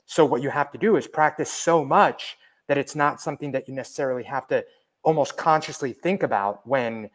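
Brief: man, mid-pitched, earnest podcast co-host who repeats himself to make a point. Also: a little fast. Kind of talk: casual podcast chat.

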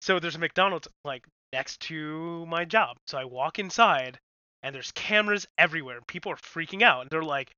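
Bright animated woman telling a story. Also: low-pitched, normal speed, clean tone, dry recording. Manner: animated, swearing, acts out quotes. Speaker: podcast co-host. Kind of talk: casual podcast storytelling. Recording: dull lo-fi dry sound.

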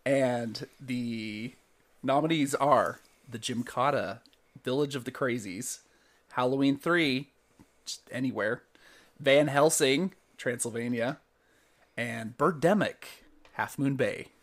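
Giggly co-host retelling a movie scene. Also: mid-range voice. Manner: giggly, quick storytelling. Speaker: podcast co-host. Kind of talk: casual movie chat.

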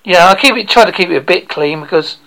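A Devon-accented man hosts a casual radio interview, talking with a gravelly edge to his voice. He tells stories and cracks jokes in a relaxed, chatty way. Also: high-pitched, fast, low-quality recording. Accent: Devon English. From England. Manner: joking, chatty storyteller. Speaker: radio show host.

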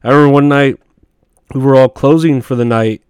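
A man spins loose, profanity-laced stories in an offhand monologue, laughing at his own punchlines. His voice comes across smooth and clean, with a dry, close sound and no room around it. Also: mid-range voice, fairly even intonation, fairly quick, a little mellow, dry recording. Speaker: podcast host. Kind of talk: casual storytelling monologue.

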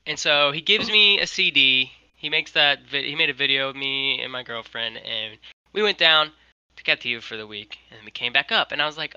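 A young man tells a long, animated anecdote over a video call and keeps slipping into what people said. His voice is very bright and edgy. The audio is dry and close, with no room around it. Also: mid-range voice, a little fast, smooth, dry recording, low-quality recording. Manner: rambling, animated, quotes people. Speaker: guest, merch designer. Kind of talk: casual storytelling.

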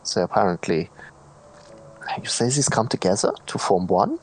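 A man playing a character at a tabletop game, speaking in a measured, hesitant way. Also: lowish voice, expressive, low-quality recording. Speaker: player. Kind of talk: in-character tabletop role-play.

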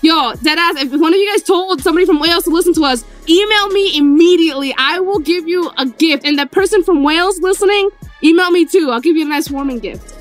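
A woman co-hosting a podcast in casual chat, excitable and gushing, swearing freely. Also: very high voice, fast talker. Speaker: podcast co-host. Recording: music playing loudly behind.

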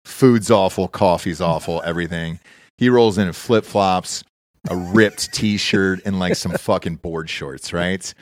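A man with a low voice tells a rambling, swear-filled story on a podcast. He slips into the voices of the people he quotes. The sound is close and dry. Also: a little slow, no room sound. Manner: animated, profane, acts out quoted people. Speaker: podcast host. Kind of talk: casual storytelling chat.

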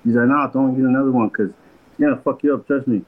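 Heard through phone-quality sound, a young man with a medium-pitched, steady voice tells a long podcast story fast. He's laid-back and slangy, swears heavily, and mimics everyone's voices as he quotes them.

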